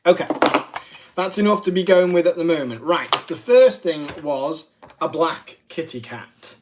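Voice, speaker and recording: A man's voice: fairly high pitch, expressive, unhurried, noisy background. A man, hosting a casual live craft demo, chatty and self-deprecating with rambling asides. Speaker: craft livestream host.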